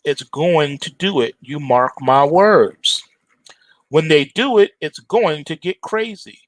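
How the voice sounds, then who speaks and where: A middle-aged trading analyst hosts a trading show, speaking slowly at a fairly high pitch on a dry recording. He talks directly to viewers, giving emphatic, repetitive commentary on the charts.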